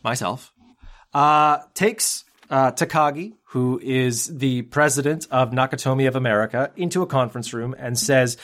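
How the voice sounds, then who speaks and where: A man's voice: mid-range voice, moderate pace, fairly bright tone. A man co-hosting a casual movie podcast, retelling the plot at length and laughing often. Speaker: podcast co-host. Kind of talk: casual movie-recap chat.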